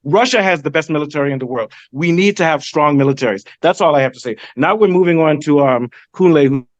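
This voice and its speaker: A man hosting a casual political discussion, talking quickly and emphatically. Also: fairly high pitch, no room sound. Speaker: podcast host. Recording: dull dry lo-fi audio.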